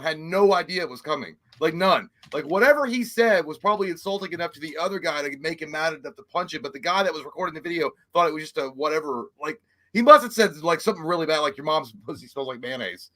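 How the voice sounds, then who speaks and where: A man from Kentucky co-hosting a movie livestream, swapping crude jokes in a fast, loose banter. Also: fairly high pitch, bright, forceful tone. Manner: quick, crude, joking banter. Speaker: co-host of a movie talk livestream. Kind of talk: casual chat.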